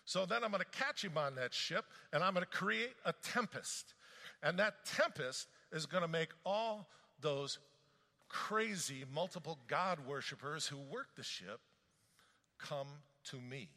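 God speaks in the first person and lays out a plan step by step, as a preacher voices him. The delivery is matter-of-fact with a lively, rising and falling pitch and a bright tone. Long reverb fills a big hall. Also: male voice, unhurried, full character voice. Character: God as a male planner laying out a plan.

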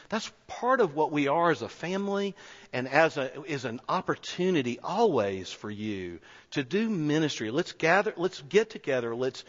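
A man, a pastor telling a personal story in a sermon, earnest and conversational with frequent restarts. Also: a little high. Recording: echoey hall, dull lo-fi sound.

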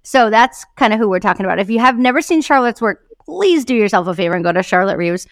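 A woman's voice: medium pitch, animated, quick pace, dry recording, clean studio sound. A woman co-hosting a podcast, chatting in a casual, enthusiastic way and laughing often. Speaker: podcast co-host. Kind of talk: casual chat.

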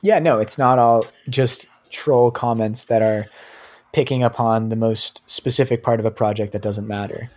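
Relaxed new hampshire guy cohosting a podcast, laughs a lot. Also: mid-range voice, normal speed. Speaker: podcast co-host. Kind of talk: casual chat.

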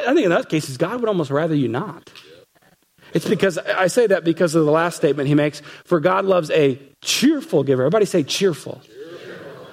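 A man's voice: high voice, vocal fry, husky. A man preaching a sermon as pastor, emphatic, repeating phrases and acting out what people say. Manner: emphatic, repeats phrases, acts out quoted voices.

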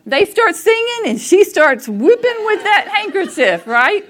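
A woman speaks in a high, bright voice. She is middle-aged and tells a family story to a church crowd. She talks animatedly, laughs often and acts out what people said. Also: very animated, measured pace. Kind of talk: storytelling talk to a church audience.

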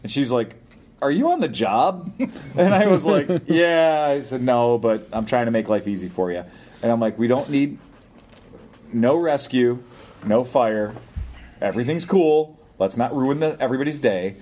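A man's voice: medium pitch, lively intonation, moderate pace, mellow. An older man in casual podcast chat, telling a long story in a rambling way and chuckling often. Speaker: podcast co-host.

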